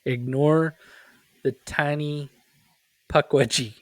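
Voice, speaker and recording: A man's voice: a little high, steady tone, takes it slowly, no room sound. A man co-hosting a casual podcast, chatting in a joking way with goofy asides and frequent laughs. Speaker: podcast co-host. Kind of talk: casual chat.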